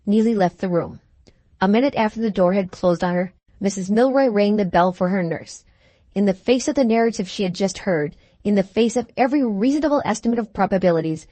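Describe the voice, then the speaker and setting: Female audiobook narrator, measured reading, dry close sound. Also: mid-range voice, warm tone, no room sound. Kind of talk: scripted narration of a Victorian novel.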